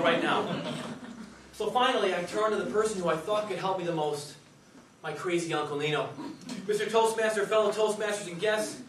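A middle-aged man giving a humorous contest speech, chatty and self-mocking, talking straight to the audience. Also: high voice. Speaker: contest speaker. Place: meeting hall before an audience. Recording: echoey hall, distant mic, noisy.

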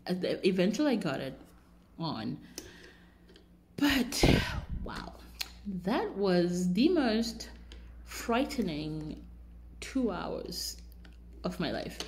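Woman vlogger, low-ish voice with wide swings, shaken and animated storytelling. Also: a little hiss or hum. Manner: shaken, animated, jumps up high when quoting people. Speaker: life coach telling a personal story. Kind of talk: casual storytelling vlog.

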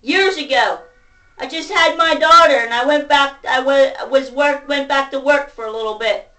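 A vlogger rants angrily to camera, profane and swinging between shouting and muttering. Her voice is high and moderately paced, and she sounds distant from the mic.

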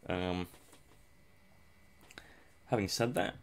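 A young man with a low-pitched, very slow voice provides casual, rambling commentary over a survival game. He mocks himself and chuckles often.

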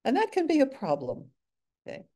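Older woman lecturing with a mellow voice. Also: high-pitched, wildly swooping pitch. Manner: measured, dry asides, frequent um and uh. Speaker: guest speaker. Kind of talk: academic lecture with slides.

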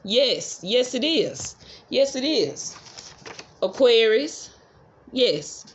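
A woman's voice: a little high, sing-song, extremely slow, dull audio, a little hiss or hum. A woman giving a casual tarot reading, chatty and swearing freely, with affirmations she repeats over and over. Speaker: tarot reader.

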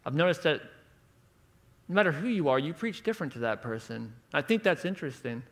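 Man, 30s, preacher, high voice, passionate, rhetorical, hushed to emphatic. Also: big pitch swings, fairly quick. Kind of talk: conference sermon.

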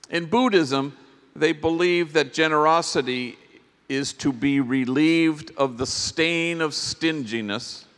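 A priest giving a reflective storytelling talk to a conference audience, unhurried, with long pauses between phrases. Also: male voice, mid-range voice, fairly bright tone. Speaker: priest and speaker. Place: large conference hall. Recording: long reverb of a big hall.

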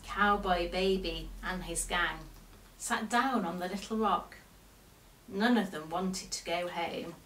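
A woman reading a children's bedtime story aloud in a slow, expressive way. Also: fairly low pitch, distant mic, a little hiss or hum. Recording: echoey room.

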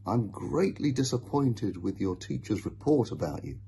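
A man's voice: lowish voice, very animated, moderate pace, creaky, warm tone. A man voicing an anxious, caring mother who scolds firmly, in a children's storybook reading. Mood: worried. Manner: worried, firm and scolding.

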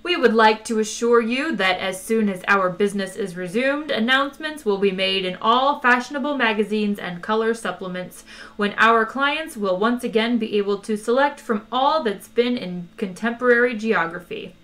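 A woman voicing an old recorded planet announcer in a storybook reading, slow, courteous and quietly threatening. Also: a little high, lightly acted. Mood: formal.

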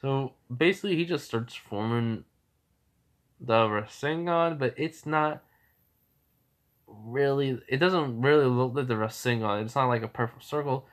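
A man's voice: medium pitch, unhurried. A man casually telling a fan story, rambling with lots of fillers.

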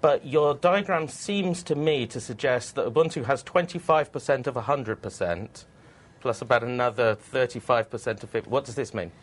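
A man's voice: medium pitch, moderate pace. A man hosting a tech webcast in a studio, teasing his guests and rambling with restarts. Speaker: webcast host.

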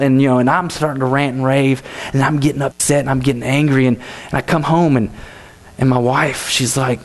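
A man's voice: medium pitch, steady tone, fairly quick. A man giving a youth sermon in a church, speaking casually with many "you know"s and restarts.

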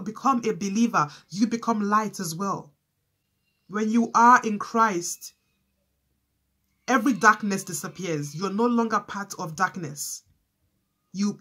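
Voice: medium pitch, pushed and bright, breathy edge. A preacher gives an informal prophetic sermon. The delivery is fervent and circling, with phrases repeated again and again. Sentences often stall on fillers and restarts before pushing on. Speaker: preacher sharing a prophetic word.

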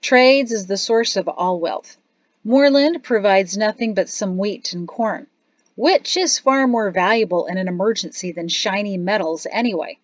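A woman's voice: mid-range voice, normal speed, no room sound, lightly acted. A woman narrator voicing a weary, rueful father who talks in a sad, grumbling way, in a storybook reading. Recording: dry, slightly dull studio audio.

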